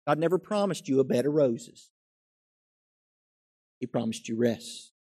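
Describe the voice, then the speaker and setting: A man's voice: mid-range voice, lively intonation, a little slow, mellow. A middle-aged male pastor preaching a conversational sermon, asking his congregation questions and acting out everyday quotes.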